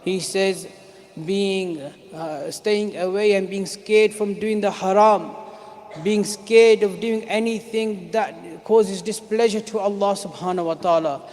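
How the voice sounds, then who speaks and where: Male preacher, very high and steady-toned, chanted lament sermon, long mosque-hall reverb. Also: a little slow. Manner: chanting, rising to shouts. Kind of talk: sung, mournful sermon recitation.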